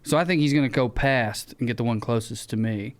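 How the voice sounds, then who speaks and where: A man with a Southern US accent, co-hosting a podcast, who tells a story in casual chat, acting out the shouted lines and swearing freely. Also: mid-range voice, fairly quick. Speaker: podcast co-host.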